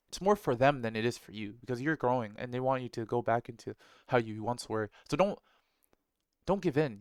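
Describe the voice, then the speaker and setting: Brief: male host, casual motivational monologue, blunt and profane, smooth clear voice, dry close sound. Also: medium pitch, dry recording. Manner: blunt, profane, slangy, rhetorical "right?".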